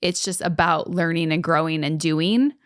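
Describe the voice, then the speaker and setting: A woman's voice: low voice, steady tone, normal speed, dry recording. Brief young woman, podcast co-host, earnest chatty storyteller, dry close sound. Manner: earnest, storytelling, frequent "like" fillers. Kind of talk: casual podcast chat.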